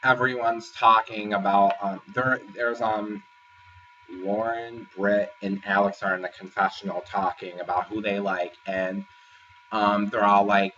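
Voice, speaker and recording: A man's voice: lowish voice, little pitch movement, unhurried, pushed and bright, slight background noise. A man casually recapping a reality show episode in a rambling, filler-heavy way. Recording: distant, dull lo-fi sound with faint ambience.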